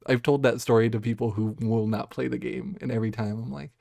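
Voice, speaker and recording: A man's voice: mid-range voice, steady tone, fast talker, gravelly, warm tone, no echo, studio quality. A man co-hosting a podcast, casually retelling scenes from a video game with quoted lines. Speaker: podcast co-host. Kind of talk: casual chat.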